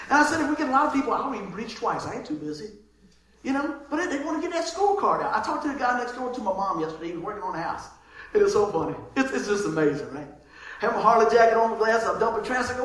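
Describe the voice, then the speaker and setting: A male pastor delivers a loose, conversational sermon, laughing through his stories and stumbling over repeated words. His voice sits high and bright. The sound bounces heavily around a reverberant church. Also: rapid-fire. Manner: animated storytelling, laughing often, repeats words. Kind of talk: casual sermon. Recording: very echoey church room.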